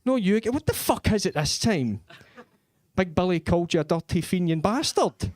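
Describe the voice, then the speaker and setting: A man's voice: high-pitched, sing-song, moderate pace, darkish tone, dry recording, pitched above the performer's own voice. A man voicing a blunt, crude 1980s HR officer who mocks and swears at a complainer. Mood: dismissive. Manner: dismissive, swearing, mocking.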